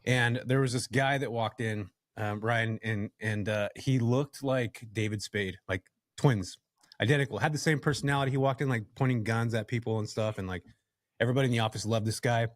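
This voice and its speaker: A man from California, a podcast guest, telling a story from his working life in a casual, animated way and addressing the listeners directly. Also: mid-range voice, brisk, no echo, clean studio sound. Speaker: podcast guest, real estate investor.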